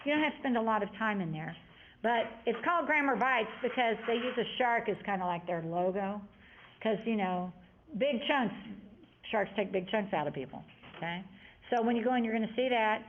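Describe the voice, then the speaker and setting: A woman's voice: a little high, expressive, a little fast, slight background noise. Woman teacher on tinny classroom audio. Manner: chatty, wandering asides while explaining. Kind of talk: classroom grammar lesson.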